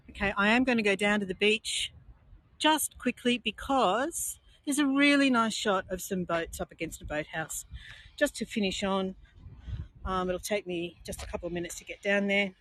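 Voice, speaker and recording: An Australian woman guiding a live walking tour outdoors on a coastal headland, talking in a chatty, meandering, gentle way into a handheld phone. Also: medium pitch, no echo, poor audio. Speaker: tour guide.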